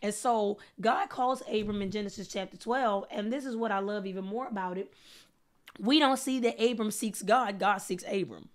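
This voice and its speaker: A woman's voice: mid-range voice, normal speed. A woman preacher delivering a sermon with fervent, emphatic repetition, building intensity as she speaks.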